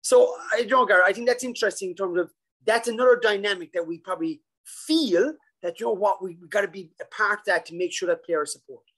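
A man presenting a coaching webinar over a video call, animated and acting out a worried coach's thoughts. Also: high voice, quick pace, rough recording. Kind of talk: casual webinar talk.

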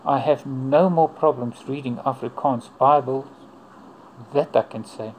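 A man telling a personal faith testimony in an earnest, unhurried way, in short broken phrases. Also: mid-range voice, a little mellow, a little hiss or hum, rough recording. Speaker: churchgoer giving testimony.

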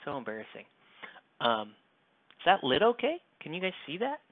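American guy streaming while he paints miniatures, rambling and joking with chat, with a lot of pitch movement, on a thin phone-like mic. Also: huge pitch swings, moderate pace, no room sound. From United States. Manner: rambling, joking, talks straight to viewers. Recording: tinny, lo-fi, close dry mic.

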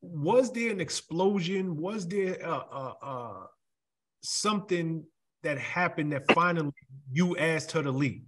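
A man's voice: fairly high pitch, expressive, measured pace, fairly bright tone. A man hosting an interview, asking short prompting questions and closing the show. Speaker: podcast host. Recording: roomy with music behind.

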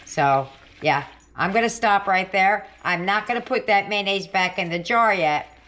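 In her home kitchen, a middle-aged cooking channel host chats and thinks aloud as she prepares food for her video. Her voice is mid-range and fairly bright, and she speaks a little slowly.

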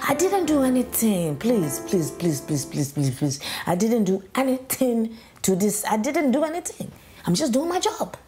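A woman voices an indignant female news anchor with a Nigerian accent in a comedy parody. The voice sits high and swings wildly, dragged out slowly as she rants, begs and hisses insults. Faint music plays behind. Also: big pitch swings, a little mellow, full character voice. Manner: exasperated ranting, swings to pleading and whispered insults.

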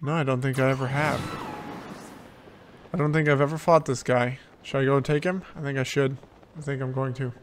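A man's voice: mid-range voice, fairly even intonation, brisk, slight background noise. A man giving casual gameplay commentary as a let's play host, thinking aloud and repeating himself as he plays.

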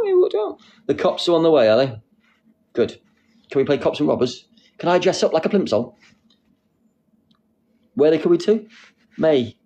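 A young man hosting a casual live stream, reading out comments with a playful, silly manner and sudden squeaky jokes. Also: gravelly, a little mellow, dull audio. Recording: faint background noise.

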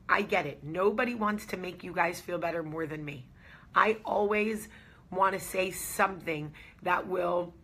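A woman hosts a casual talk straight to camera. She is earnest and reassuring, and she leans on repeated phrases for emphasis. Her voice is husky and slightly breathy, at a middle pitch. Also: sharp tone. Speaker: host.

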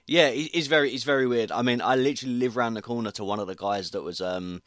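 A man's voice: medium pitch, fast talker, no room sound. British male host, mid-range voice, dry close mic, eager and giggly. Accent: British English. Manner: excitable, laughs often. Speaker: podcast host. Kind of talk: casual podcast interview.

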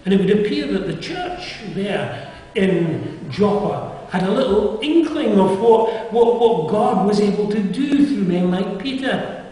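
Older preacher, far off in echoey chapel. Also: male voice, sits high, lively intonation, a little slow, warm tone. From England. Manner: earnest, conversational preaching with rhetorical questions. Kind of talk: sermon.

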